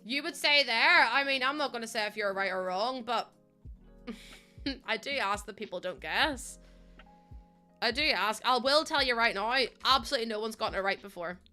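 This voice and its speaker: A woman's voice: a little high, normal speed, pushed and bright, faint music behind. A young woman with a Northern Irish accent, chatting casually with her live stream viewers, laughing often and answering their comments. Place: home streaming setup.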